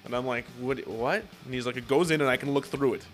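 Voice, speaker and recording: A man's voice: mid-range voice, fast talker, faint music behind. A young man telling a long story in casual chat, swearing often and acting out what others said. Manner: profane, animated storytelling with acted-out quotes.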